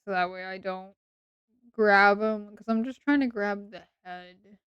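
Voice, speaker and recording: A woman's voice: mid-range voice, fairly even intonation, a little slow, clean tone, dry recording, dull audio. A woman streamer chatting casually late at night, sleepy, rambling and playfully teasing her chat.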